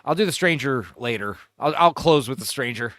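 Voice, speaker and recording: A man's voice: mid-range voice, expressive, brisk, fairly bright tone, dry recording. A man hosting a livestream, telling crude, rambling stories in casual chat. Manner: crude, rambling, joking storyteller. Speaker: livestream host.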